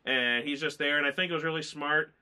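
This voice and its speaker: A man's voice: fairly high pitch, steady tone, quick pace, pushed and bright, clear, resonant tone. A man chatting casually as a movie reviewer, rambling and emotional, choked up and tearful as he talks. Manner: rambling, emotional, lots of fillers. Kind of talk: casual chat.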